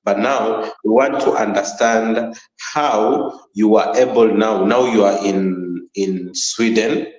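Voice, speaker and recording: A man with an African-accented English, speaking in a low voice as he hosts a relaxed interview. He talks calmly and steadily, adding "you know" as he goes. His voice carries a roomy echo. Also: slow, hardly any pauses. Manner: calm, affirming listener, frequent "you know". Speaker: interview host. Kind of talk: casual conversational interview.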